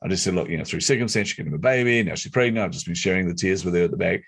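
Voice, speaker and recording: A middle-aged man telling a personal story as an interview guest, animated and competitive. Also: low voice, very fast, husky. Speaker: guest, speaker and entrepreneur.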